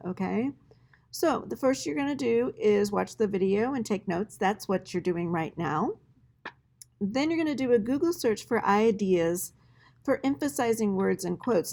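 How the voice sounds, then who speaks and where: A woman's voice: medium pitch, vocal fry. A woman teacher walking students through an assignment in a screen-recorded tutorial, talking conversationally and checking in often with "all right?".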